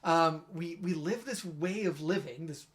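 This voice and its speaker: A man interviewing a guest in a casual conversation, affirming and chatty, quick to laugh. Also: on the high side. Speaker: interviewer and youth ministry pastor.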